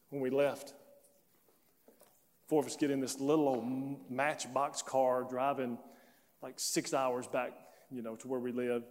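Animated preacher in a big echoing hall. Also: male voice, medium pitch. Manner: animated, acts out both sides of a dialogue. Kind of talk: sermon storytelling. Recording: long reverb of a large hall.

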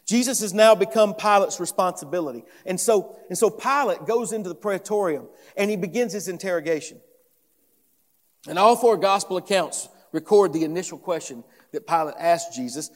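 High-voiced preacher in a reverberant hall. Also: male voice, normal speed. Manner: earnest, emphatic, repeats phrases while building a point. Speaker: pastor. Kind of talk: expository sermon. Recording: long reverb of a large hall.

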